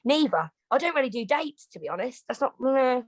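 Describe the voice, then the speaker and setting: A woman with a British accent, a boxer talking as an interview guest on a video call, rapid, animated and swearing heavily. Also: high voice, dry recording, low-quality recording. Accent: British English. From Britain. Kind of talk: casual interview chat.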